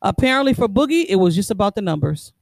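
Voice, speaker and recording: A man's voice: high-pitched, very animated, fast talker, vocal fry. A man co-hosting a casual sports podcast, laid-back and rambling, tripping over names. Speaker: podcast co-host.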